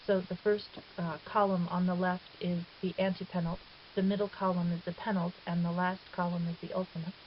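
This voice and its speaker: A woman's voice: on the low side, level tone, brisk. A woman teaching Greek in a recorded lecture, patient and methodical, with the odd filler and self-correction. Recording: dull lo-fi recording with faint hiss.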